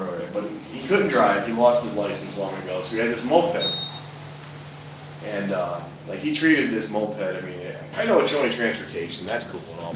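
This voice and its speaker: A man casually telling rambling stories at a train station at night, chuckling often, filming himself on a handheld camera. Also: fairly low pitch. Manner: chatty, chuckles often between remarks. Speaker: vlogger. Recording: noisy outdoor ambience. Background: outdoor ambience.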